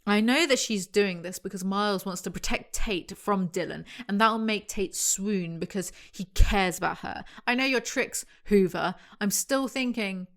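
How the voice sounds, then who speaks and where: Reading from a novel for her video, a young British YouTuber keeps interrupting herself with dry, sarcastic jabs, many aimed at herself, and laughs frequently. She has a medium, slightly bright voice and a moderate pace with few pauses.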